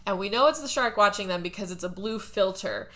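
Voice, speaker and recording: Giggly, bright-voiced young woman. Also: medium pitch, brisk. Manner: giggly, animated storyteller. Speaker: podcast co-host. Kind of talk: casual movie recap.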